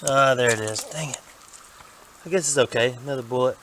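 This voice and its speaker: Man, folksy excited vlog commentary, slightly winded, outdoor camera audio, clear background noise. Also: mid-range voice, a little fast. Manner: excitable, folksy, talks to camera while working. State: out of breath. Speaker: metal detecting vlogger. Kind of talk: casual running commentary while detecting. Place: outdoors in a creek. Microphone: handheld camera.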